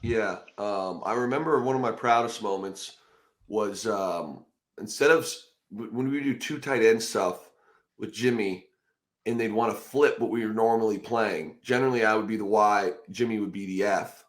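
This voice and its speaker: Animated man telling stories on a podcast. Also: fairly low pitch, normal speed. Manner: animated storytelling, swearing, acting out quotes loudly. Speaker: podcast host. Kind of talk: casual podcast chat.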